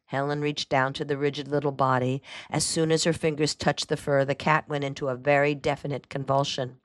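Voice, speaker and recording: A woman reading a mystery novel aloud as host of a story program, in a measured manner. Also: sits low, flat delivery, no room sound, studio quality. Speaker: host and reader.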